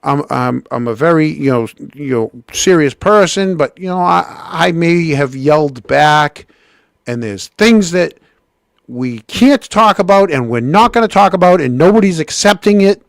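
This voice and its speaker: A man's voice: on the high side, animated, vocal fry, dry recording, studio quality, pitched above the performer's own voice. A man mimicking a ranting, defensive politician. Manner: shouting, halting, defensive. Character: angry ranting middle-aged male politician.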